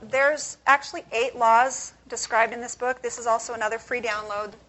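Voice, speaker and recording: A woman's voice: a little high, fairly even intonation, normal speed, pushed and bright, a little hiss or hum, rough recording. A woman speaking as an author at a conference, giving a conversational motivational talk and posing questions to the audience.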